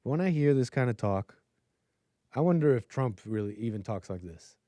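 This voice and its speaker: A man's voice: mid-range voice, animated, normal speed, mellow, dry recording. A man hosting a livestream, talking through his opinions in a rambling, filler-heavy way. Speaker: livestream host. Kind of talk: casual livestream commentary.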